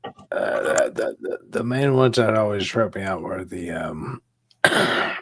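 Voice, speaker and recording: A low-pitched man rambles through a casual stream chat, stumbling over restarts and swearing as he goes. He breaks into big laughs. The sound is close and dry, with no room around it. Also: lively intonation, slow pace, a bit bright, husky, dry recording. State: drinking during the stream. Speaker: streamer and podcast host.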